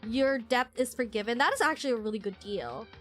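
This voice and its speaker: A woman's voice: on the high side, expressive, a little fast, soft background music. A woman streamer in casual live-stream chat, rambling and chatty with lots of fillers and frequent laughs.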